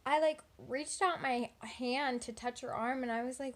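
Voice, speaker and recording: A young woman of eighteen from Texas tells a story casually to her phone camera, rambling and filling gaps with "like" and "um". Her voice sits a little high, and she talks at night at home. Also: moderate pace. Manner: chatty, rambling, frequent "like" and "um". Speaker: vlogger.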